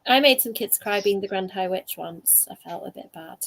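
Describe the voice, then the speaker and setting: A woman author chatting over a video call, animated and laughing as she tells stories. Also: mid-range voice, moderate pace, creaky. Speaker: guest author. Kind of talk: casual video chat.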